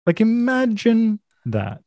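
A man co-hosting a podcast, recapping a film in deadpan sarcasm and mock outrage. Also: high-pitched, slow pace, no room sound, dull audio. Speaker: podcast co-host.

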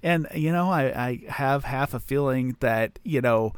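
A man's voice: mid-range voice, unhurried, clean tone, no room sound. A man co-hosting a podcast in casual chat, rambling with lots of fillers and restarts. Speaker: podcast co-host.

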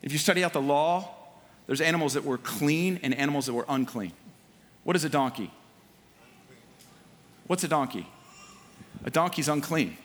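A man preaching a sermon in a relaxed, conversational way, with slang and filler words. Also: fairly high pitch. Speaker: pastor. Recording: long hall reverb.

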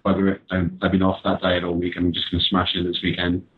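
A man speaking as a personal trainer guest on a podcast, giving calm, measured explanations over a remote call. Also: low-pitched, slightly rough. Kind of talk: casual podcast chat. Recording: tinny phone-like line.

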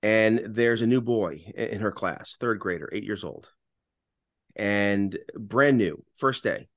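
A man's voice: lowish voice, takes it slowly, a bit bright, no room sound, studio quality. A man co-hosting a political podcast, talking with passion and often restarting his sentences. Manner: repetitive restarts, impassioned. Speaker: radio talk show host.

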